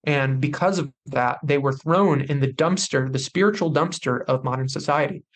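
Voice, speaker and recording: A man's voice: mid-range voice, normal speed. A young man on a podcast, telling a personal story with intensity and acting out what others said. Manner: intense, animated retelling with acted quotes. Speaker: podcast guest.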